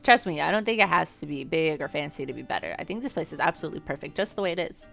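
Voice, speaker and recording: A shy young barista, as a woman reads him aloud, earnest and soft-spoken. The voice is a little gravelly and bright, and it moves around a lot in pitch. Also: expressive, very fast, soft background music, exaggerated voice.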